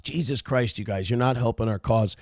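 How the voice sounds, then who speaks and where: A man's voice: mid-range voice, fairly quick, darkish tone, no echo, clean studio sound. A man hosting a morning show, giving blunt, profane political commentary in a ranting way. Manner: blunt, ranting, swears often.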